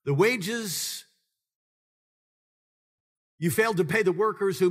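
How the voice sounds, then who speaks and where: A man preaching a sermon to his congregation, swinging between calm teaching, humorous asides and loud, high-pitched passionate preaching. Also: slow, pauses often, big-room sound. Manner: builds to loud, high-pitched preaching, then drops low and conversational. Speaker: pastor. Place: church sanctuary with congregation.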